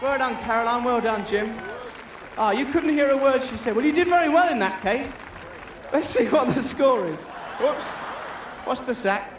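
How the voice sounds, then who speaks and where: A man's voice: extremely high pitch, moderate pace, background noise. A man presenting and commentating an outdoor team game, joking and teasing the players. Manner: jokey, teasing, excitable. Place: outdoor sports field with crowd. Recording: echoey, distant mic, loud crowd.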